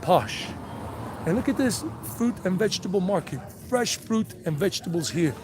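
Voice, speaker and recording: A man's voice: high voice, lively intonation, a little fast, noisy background. A man hosting a casual walking tour vlog outdoors, chatting to the camera and joking with street vendors. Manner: chatty, switches to Spanish with locals, laughs easily. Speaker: travel vlogger and tour host.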